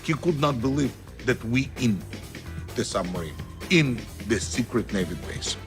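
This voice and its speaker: A man's voice: medium pitch, expressive, moderate pace. A man recounting events in a documentary interview in a plain, matter-of-fact way. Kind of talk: storytelling interview. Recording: faint music under voice.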